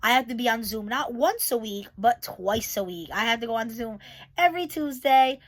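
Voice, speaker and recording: A woman's voice: fairly high pitch, expressive, normal speed. A woman who is a special education teacher, giving a casual, candid channel update and talking straight to her viewers. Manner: candid, rambling, talks to viewers directly.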